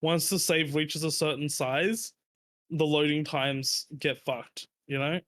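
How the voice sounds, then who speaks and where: A man's voice: fairly high pitch, steady tone, takes it slowly, fairly bright tone, no room sound. A man chatting casually on a podcast, rambling and swearing as he explains things. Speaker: podcast host. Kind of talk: casual chat.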